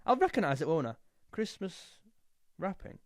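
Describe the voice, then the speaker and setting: A man's voice: on the high side, sing-song, normal speed, no echo, clean studio sound. A young man chatting casually and jokily, now and then singing a snatch of a song. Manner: jokey, snatches of sung lines. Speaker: music youtuber. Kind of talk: casual chat.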